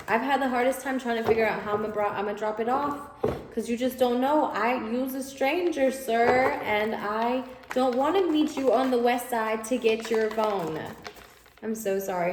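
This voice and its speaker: A woman giving a casual spoken tarot reading, animated and repetitive, often voicing her listener's imagined thoughts. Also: a little high. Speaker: tarot reader. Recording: echoey room, faint noise.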